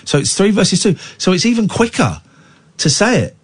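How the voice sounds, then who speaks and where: A man in his forties hosts late-night talk radio. His pitch swings about animatedly as he rambles and teases his co-host and callers. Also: sing-song, a little fast, breathy edge. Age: 40s. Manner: rambling, playful and teasing.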